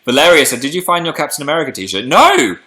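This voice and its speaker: A man's voice: a little high, big pitch swings, quick pace, bright, forceful tone. A British man hosting a livestream in casual chat, playfully reading out viewer comments and answering them.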